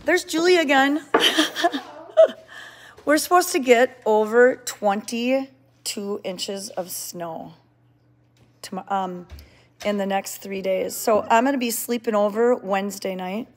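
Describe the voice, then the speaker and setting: A woman's voice: mid-range voice, slow pace, pauses often. A woman hosting a casual livestream from an indoor cat sanctuary, chatting, greeting viewers by name and cooing at the cats, recorded on a handheld phone.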